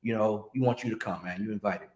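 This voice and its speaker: A man's voice: fairly low pitch, fast talker, roomy sound. A middle-aged man from the music business, chatting casually and acting out the voices in his stories. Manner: animated storyteller acting out quotes. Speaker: music industry guest telling stories. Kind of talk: casual storytelling chat.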